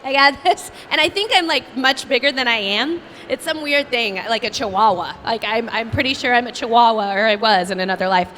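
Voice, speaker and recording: A young actress answers fans at a convention panel in a high, bright voice. She rattles through stories with a bubbly, self-mocking ease, full of "like" and quick asides. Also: big-room sound, slight background noise. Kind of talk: animated storytelling at a fan Q&A.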